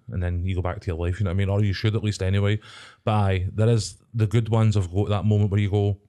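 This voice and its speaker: A young Scottish man rambling through a casual podcast chat, sweary and quick to laugh. His voice is very deep and warm, with a mellow, relaxed tone. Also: clear, resonant tone. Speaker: podcast co-host.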